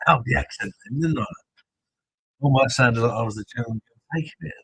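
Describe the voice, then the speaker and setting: Hosting a beer review live stream, a man from Kent, England, chats casually and crudely with his viewers. He talks a little fast in a mid-range, gravelly, slightly rough voice with some brightness, and the recording itself is rough.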